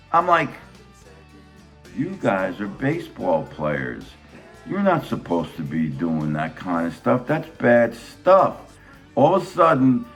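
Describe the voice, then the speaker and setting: A middle-aged man telling a childhood story in a casual, animated way, swearing a lot and acting out the other people's voices. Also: mid-range voice.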